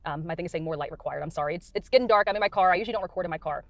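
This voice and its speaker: A middle-aged American woman talks quickly and earnestly from inside her car, drifting and looping back with plenty of fillers. Her voice sits close and dry, with no room around it. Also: fairly low pitch, vocal fry, no room sound. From United States. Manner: earnest, rambling, many fillers. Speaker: Christian speaker sharing dreams. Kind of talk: casual testimony.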